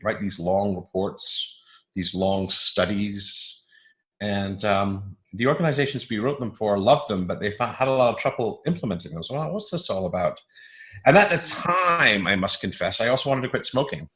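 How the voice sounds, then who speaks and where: A man's voice: lowish voice, normal speed, a bit bright. A man in his fifties with a mixed transatlantic accent, chatting playfully and self-deprecatingly as an interview guest, often restarting his sentences. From Canada. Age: 50s. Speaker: guest speaker. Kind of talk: casual interview chat.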